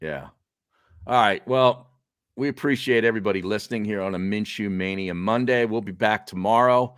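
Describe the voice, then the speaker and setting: A man co-hosting a casual sports talk show, relaxed and wry, trailing off as he reads. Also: on the low side, moderate pace, clean tone, no room sound, studio quality. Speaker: co-host.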